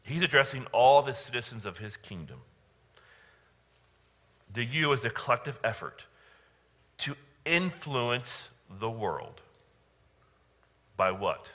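A male pastor preaching a sermon, emphatic, with dramatic pauses and repeated phrases. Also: mid-range voice, very animated, sharp tone. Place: church.

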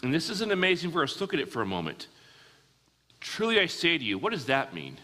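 A man's voice: fairly high pitch, huge pitch swings, brisk, sharp tone. A man preaching a sermon, often asking his listeners questions and answering them himself. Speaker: pastor. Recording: hall with long reverb.

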